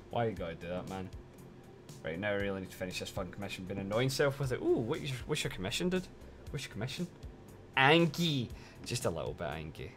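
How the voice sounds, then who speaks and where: A man's voice: on the low side, a bit bright. A man chatting casually on a live stream, teasing his chat and swearing a lot while complaining that he is cold.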